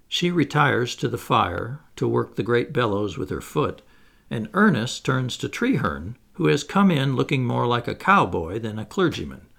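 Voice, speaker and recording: A man's voice: mid-range voice, big pitch swings, normal speed, gravelly, a bit bright. A man reading a stage play aloud, narrating the stage directions. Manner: reads stage directions plainly.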